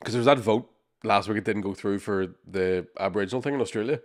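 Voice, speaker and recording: A man's voice: fairly low pitch, quick pace. Joking Northern Irish man from Lurgan. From Lurgan, Northern Ireland. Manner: sweary, joking banter. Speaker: podcast co-host. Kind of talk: casual chat.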